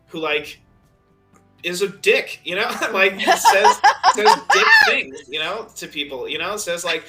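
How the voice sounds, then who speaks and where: A man's voice: high-pitched, huge pitch swings, a little slow, over music. A man hosting a tabletop game podcast as game master, talking loosely and filling gaps with "you know". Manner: rambling, peppered with "you know". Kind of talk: casual conversation.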